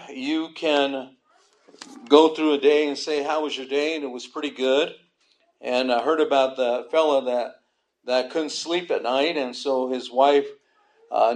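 A man's voice: medium pitch, a little mellow. A man preaching a sermon, telling folksy joke stories and acting out the characters' lines. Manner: folksy storytelling, voices the characters in jokes. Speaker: pastor. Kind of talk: sermon with humorous anecdotes.

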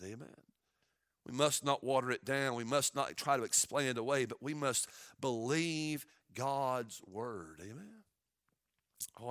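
Preaching man, bright and dry. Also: medium pitch, dry recording. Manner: swings from quiet storytelling to shouted preaching. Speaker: pastor. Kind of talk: sermon.

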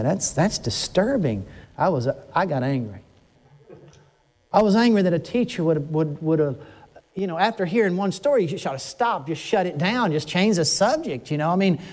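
Older pastor, man, fairly high voice, emotional sermon delivery with frequent restarts. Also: darkish tone. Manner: emotional, rising pitch when stirred, frequent restarts.

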